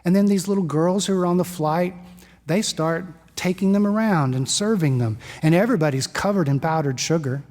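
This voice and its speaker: A man preaching a sermon as pastor, telling stories in a conversational, lively way. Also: high-pitched, fairly quick. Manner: storytelling, conversational and animated. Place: church sanctuary. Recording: long church reverb.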